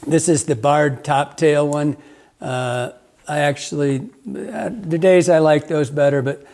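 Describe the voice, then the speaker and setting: A man's voice: a little high, a little slow, darkish tone. A man hosting a fishing podcast, telling rambling stories with frequent laughs and salty language. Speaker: podcast host, fly fishing guide. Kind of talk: casual storytelling chat.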